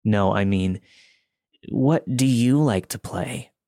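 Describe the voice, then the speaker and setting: A man doing a slow, slurred, creepy stranger. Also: on the low side, dry recording, clean studio sound. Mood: soft creepy. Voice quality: slow slurred speech, childlike phrasing. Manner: eerily calm and unaffected.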